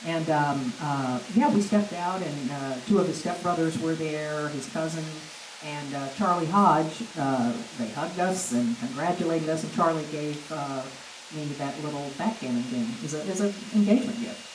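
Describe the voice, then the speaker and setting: An older woman recounting personal memories on stage, halting and full of fillers, with light laughs. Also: low voice, far from the mic. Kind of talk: storytelling on stage. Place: event hall with audience. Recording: echoey room with background noise.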